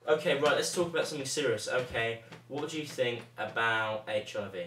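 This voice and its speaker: A man with a monotone, self-mocking manner, chatting and joking in a living room. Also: mid-range voice, fairly quick. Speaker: co-host of the ramble. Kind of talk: casual joking chat. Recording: roomy room, from far off, faint noise.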